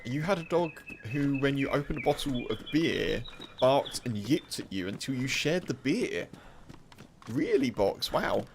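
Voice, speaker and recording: A man's voice: mid-range voice, big pitch swings, unhurried, creaky, a little hiss or hum. A British man chatting casually while streaming a game, rambling, laughing and full of fillers.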